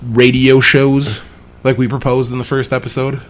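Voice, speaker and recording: A man co-hosting a podcast in casual banter, throwing in quick joking one-liners. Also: medium pitch, flat delivery. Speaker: podcast co-host.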